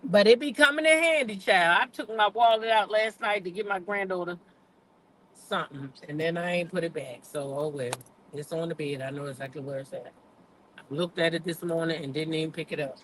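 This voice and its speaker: Bright-voiced, blunt older woman host. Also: on the low side, a little fast, slight background noise. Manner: chatty, blunt and profane, repeats points for emphasis; talks directly to live chat viewers. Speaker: gossip show host. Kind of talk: casual livestream gossip commentary.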